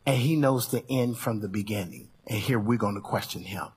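A male preacher delivering a sermon, animated and folksy, swinging from low murmurs up to shouts. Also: brisk, few pauses, slightly rough. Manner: folksy and colloquial.

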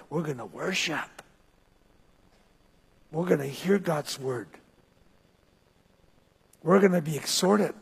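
A man preaching a sermon as pastor, swinging between loud, high calls and low, quiet passages. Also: gravelly, breathy edge. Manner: preaching with wide swings of pitch and loudness. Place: church. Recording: long reverb in a church hall.

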